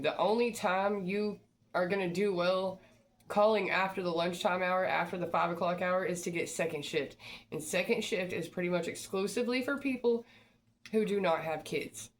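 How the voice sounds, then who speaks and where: A woman hosting a motivational advice talk, coaching listeners in a direct, repetitive pep-talk manner. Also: on the low side. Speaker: job-search advice host.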